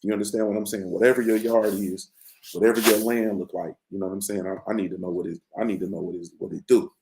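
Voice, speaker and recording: A man's voice: lowish voice, fairly even intonation, quick pace, echoey room, background noise. A man hosting a boxing morning show from a room at home, chatting casually in a loose, rambling, slang-heavy way into his computer's mic. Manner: laid-back, rambling, slangy.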